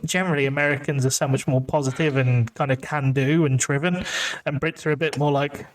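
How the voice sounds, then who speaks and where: A man's voice: fairly high pitch, fairly even intonation, fairly quick. English male co-host, light voice, sarcastic banter. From England. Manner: jokey and sarcastic, full of asides. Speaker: podcast co-host. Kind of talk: casual chat.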